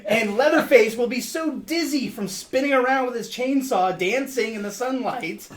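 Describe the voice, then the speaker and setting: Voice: medium pitch, moderate pace, slight background noise. A player arguing a case at length over a card game, with laughter in between.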